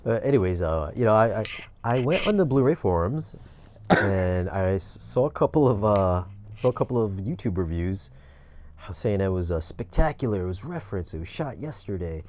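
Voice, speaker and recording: A man's voice: fairly low pitch, lively intonation, normal speed, darkish tone. A man co-hosting a podcast in casual chat, laid-back, rambling and blunt. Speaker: podcast co-host.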